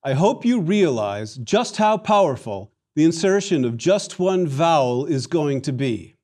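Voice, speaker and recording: Speaking at a measured pace with a fairly high pitch, a male Latin teacher runs repetition drills in a recorded lesson. His delivery is lively and theatrical.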